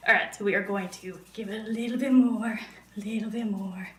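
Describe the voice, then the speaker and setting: A woman's voice: medium pitch, fairly even intonation, brisk, far from the mic. A woman casually chatting while cooking on a live stream, playful and sing-song, often meowing to herself. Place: home kitchen. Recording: echoey room, voice from afar.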